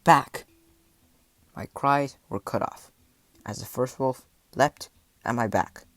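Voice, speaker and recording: A man reading a first-person adventure story aloud, with dramatic delivery and voiced shouts and animal sounds. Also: medium pitch, measured pace, dry recording. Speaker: audiobook narrator.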